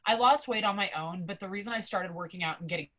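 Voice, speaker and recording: A young adult woman, a podcast guest, telling a story in a casual, excitable way, swearing often and filling her talk with "like". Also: medium pitch, fast talker. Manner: excitable, profane, heavy use of "like".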